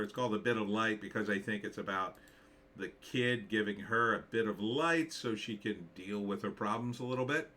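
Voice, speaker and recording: A man reacts to a movie trailer in loose, rambling commentary. His voice is bright and forceful, set a little low. A faint hiss of noise runs under it. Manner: rambling, thinking aloud with many fillers. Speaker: screenwriter reviewing a movie trailer.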